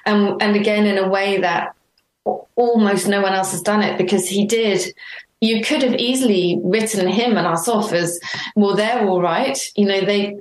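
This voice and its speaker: A middle-aged woman being interviewed, telling her story earnestly and warmly, acting out remembered dialogue. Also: mid-range voice. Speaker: interview guest. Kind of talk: reflective conversational interview. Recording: roomy echo.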